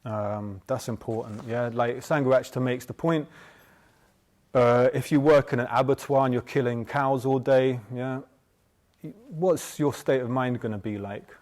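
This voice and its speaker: Guy giving a loose buddhist talk to a group, mid-pitched, keeps going "yeah?" and circling back. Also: fairly even intonation, measured pace, a little mellow. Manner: chatty, tags points with "yeah?"; loose and rambling, with many restarts. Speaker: Buddhist teacher. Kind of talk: informal dharma talk.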